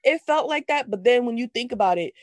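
A woman co-hosting a casual movie review chat, animated and slangy, laughing often. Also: on the high side, fairly quick, no room sound, studio quality. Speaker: podcast co-host.

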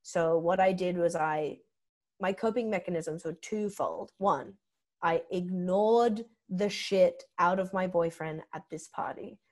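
A woman's voice: on the low side, measured pace. A young Australian woman, a comedian, telling a candid comic story on a podcast and acting out the quotes. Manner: animated, swings into acted-out quotes.

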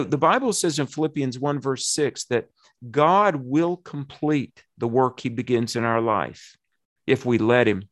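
A man in his fifties tells his testimony earnestly and with animation. His voice sits at an ordinary pitch, recorded close and dry with no room sound. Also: no echo. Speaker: pastor. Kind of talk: personal testimony in a conversation.

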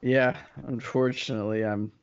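A man's voice: mid-range voice, little pitch movement, moderate pace, smooth. A man co-hosting a podcast in casual chat who talks in a jokey, playfully defensive way. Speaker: podcast co-host. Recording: muffled lo-fi podcast audio.

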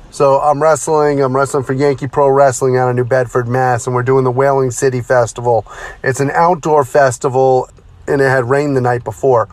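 A middle-aged man, a former pro wrestler, telling stories in a brisk, conversational, self-deprecating way. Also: mid-range voice. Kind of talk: casual storytelling.

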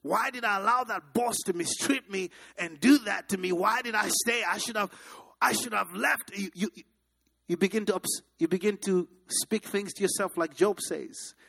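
A middle-aged man from Africa, a pastor, preaching a sermon with animated personal stories and questions to the congregation. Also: high-pitched, moderate pace, creaky, breathy edge.

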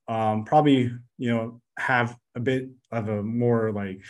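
A man's voice: medium pitch, steady tone. A man who is a podcast guest, talking casually in a rambling, blunt way, full of fillers and swearing. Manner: rapid, rambling, full of "like" and "you know". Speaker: podcast guest, business coach. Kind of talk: casual interview chat.

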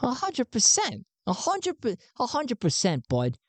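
A man's voice: extremely high pitch, huge pitch swings, unhurried, no echo, pitched above the performer's own voice, heavily acted. A man voicing a zealous anti-government recruiter who talks in a folksy, conspiratorial way. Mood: emphatic. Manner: folksy, conspiratorial, calls people bud.

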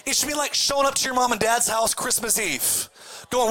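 A pastor gives a sermon in a high, bright, ringing voice at a fairly quick pace. He is animated and emphatic, shifting between conversational asides and raised, shouted declarations.

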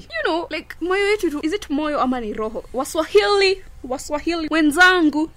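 A woman's voice: sits high, a bit bright. A young Kenyan woman hosting a casual solo podcast, chatty and playful, mixing Swahili slang into her English. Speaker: podcast host.

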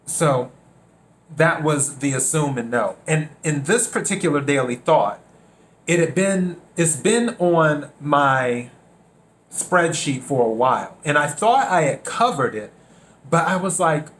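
A man from South Carolina hosting a reflective solo podcast, unhurried, repeating his phrases and acting out bits of dialogue. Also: a little high, lively intonation, a bit bright. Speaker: podcast host.

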